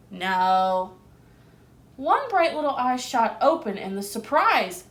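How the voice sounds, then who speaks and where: A woman teacher reading a picture book aloud to young children, gentle and expressive, asking them questions. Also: on the high side, takes it slowly, a little hiss or hum.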